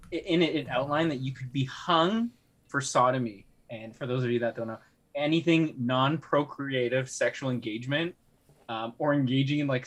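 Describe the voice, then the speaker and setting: A man co-hosting a casual podcast chat, reading out facts with frequent fillers and laughs. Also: mid-range voice. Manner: laughs often, hesitant fillers and restarts. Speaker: podcast co-host.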